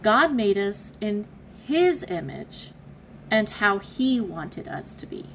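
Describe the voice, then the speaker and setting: A woman giving a casual devotional reflection, speaking in an earnest, candid and halting way. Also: medium pitch, big pitch swings, fairly bright tone, slight background noise, rough recording. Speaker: devotional vlogger.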